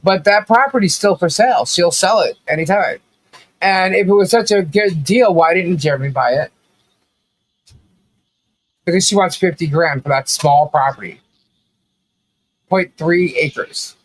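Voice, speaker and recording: A man's voice: high voice, measured pace, pauses often, rough recording. A man co-hosting a podcast, telling a story in casual commentary, acting out quotes with laughing asides. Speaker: podcast co-host.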